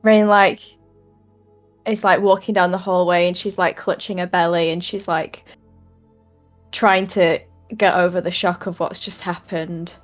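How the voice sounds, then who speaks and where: A woman's voice: fairly low pitch, level tone, a little slow, faint music behind. Chatty woman player at a tabletop game. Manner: chatty, full of "like", describing her character. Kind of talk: casual tabletop game play.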